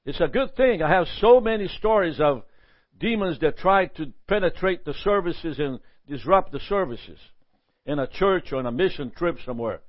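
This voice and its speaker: A man teaching a Bible lesson in a lively sermon style, often asking "Amen?" and chuckling. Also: a little high, moderate pace, no echo, muffled recording.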